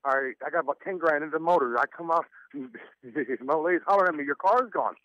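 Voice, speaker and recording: A man calls in over a dull, muffled phone line, his voice a little high for a man. He stammers and laughs nervously as he tells his story. The sound is close and dry. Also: fast, no echo. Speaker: caller. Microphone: telephone.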